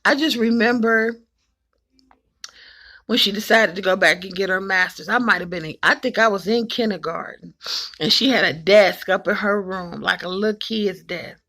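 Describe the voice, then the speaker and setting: Gravelly-voiced woman telling family stories. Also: mid-range voice, normal speed. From Cleveland, Ohio. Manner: folksy, animated storytelling, mimics her mother in a hushed voice. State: emotional, choked up at times. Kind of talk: personal storytelling to camera.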